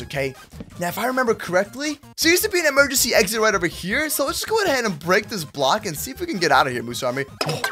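Excitable male gaming YouTuber, lively swooping delivery, slangy hype commentary. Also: high voice. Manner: hyped, slangy, excitable, talks to viewers. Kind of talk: Minecraft gameplay commentary.

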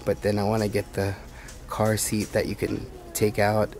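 Man, low gravelly voice, laid-back rambling vlog talk, shopping in a store. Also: monotone, normal speed, darkish tone. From Hawaii. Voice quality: gravelly, rough voice. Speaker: vlogger. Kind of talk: casual vlog chat. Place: car and a big-box store.

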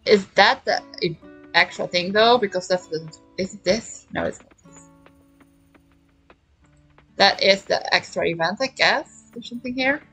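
A woman's voice: medium pitch, unhurried, pauses often, fairly bright tone, slightly rough, poor audio. A woman streaming a farming game, chatting playfully and reading dialogue aloud, often repeating short phrases twice. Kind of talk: casual gameplay chat, reading dialogue aloud. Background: faint game music.

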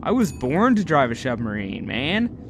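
A young man giving live gameplay commentary, talking to himself, excitable and swearing often. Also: mid-range voice, normal speed, a little hiss or hum. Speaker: gaming video host.

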